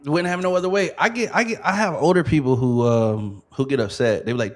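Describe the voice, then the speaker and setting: A man's voice: on the high side, fast, few pauses. Slangy man chatting, rambling and repetitive. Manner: rambling, peppered with "you know what I'm saying". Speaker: podcast host. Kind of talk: casual podcast chat.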